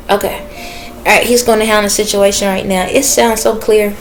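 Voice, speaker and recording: A woman's voice: mid-range voice, little pitch movement, fairly quick, a little hiss or hum. A woman talking in a casual spiritual vlog, rambling and chatty, stopping now and then to listen before speaking to her viewers. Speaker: spiritual reader.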